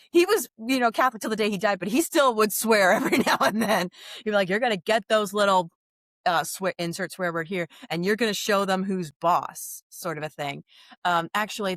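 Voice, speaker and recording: A woman in her thirties from New Orleans, with a neutral Midwestern American accent, guests on a podcast in a casual interview chat. She tells animated stories with quick asides and frequent laughter, her voice fairly low in pitch on a dry recording.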